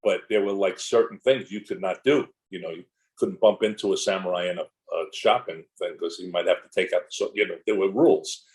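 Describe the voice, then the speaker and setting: A man's voice: low-pitched, fairly quick, darkish tone, low-quality recording. An older man, an actor guest in a casual interview, telling long rambling anecdotes full of restarts and asides.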